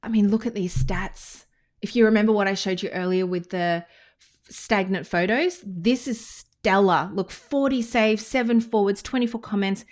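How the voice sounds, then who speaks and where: Chatty Australian woman coaching to camera. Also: mid-range voice. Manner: chatty, enthusiastic, quick asides. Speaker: business coach. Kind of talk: casual teaching monologue to camera. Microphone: screen-recorded talking head with whiteboard.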